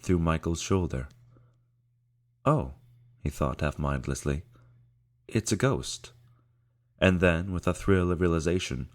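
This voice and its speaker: A male audiobook narrator with a very low, deep voice. He reads in a measured, steady way, drawing out key phrases as the story goes along. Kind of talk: scripted narration.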